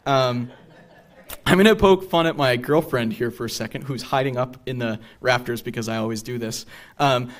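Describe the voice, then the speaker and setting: A man from the Greater Boston area delivers a public lecture in a theater. His pitch sits in an ordinary middle range. He explains patiently and often pauses to check that the audience is following him. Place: theater stage.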